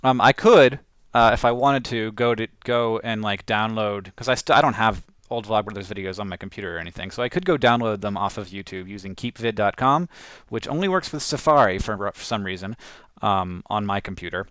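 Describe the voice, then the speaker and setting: A man's voice: lowish voice, fairly quick, fairly bright tone, clear, resonant tone, no echo. A man casually talking through his own video edit, rambling with lots of fillers and restarts. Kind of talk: casual talk-through while editing.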